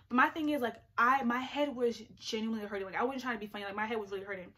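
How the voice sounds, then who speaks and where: A young woman vlogger telling a story in an animated, chatty way, full of "like" fillers. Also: a little high, fast, a little hiss or hum. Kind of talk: storytime vlog.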